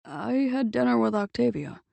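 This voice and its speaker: A man's voice: high voice, normal speed, creaky, dry recording, heavily acted. A woman voicing a polite younger man who speaks evenly and wryly in an audiobook. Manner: even, polite and dryly wry. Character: calm, polite younger man under pressure.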